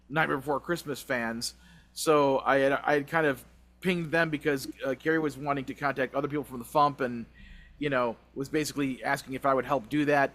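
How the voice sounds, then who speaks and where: A man co-hosting a podcast, telling a long story in a rambling, animated way with frequent laughs. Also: mid-range voice. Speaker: podcast co-host. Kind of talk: casual chat.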